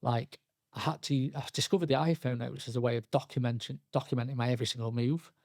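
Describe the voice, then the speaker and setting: Gravelly man telling his story. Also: medium pitch, fairly even intonation, a little mellow, no echo, studio quality. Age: young adult. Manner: halting, frequent restarts and fillers, quoting himself and others. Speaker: podcast guest. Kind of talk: candid personal storytelling.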